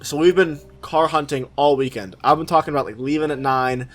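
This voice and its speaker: A man's voice: fairly high pitch, a little fast, faint music behind. Young man swearing through a rambling story. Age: young adult. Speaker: podcast co-host. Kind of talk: casual chat.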